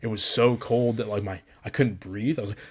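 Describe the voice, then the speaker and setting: A man's voice: lowish voice, steady tone, fairly quick, darkish tone, husky. A young man co-hosting a podcast, telling a rambling story in casual chat, full of "like" and swearing. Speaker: podcast co-host.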